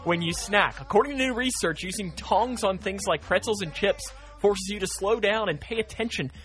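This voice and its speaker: A man's voice: sits high, normal speed. A man hosting a morning radio show, chatting casually and reading news and weather. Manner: relaxed, reads news and weather plainly.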